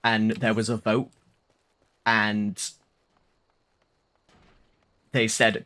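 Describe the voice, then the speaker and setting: A man's voice: fairly low pitch, steady tone, very slow, long pauses, sharp tone. A young man chatting casually on a live stream, rambling and swearing with lots of fillers.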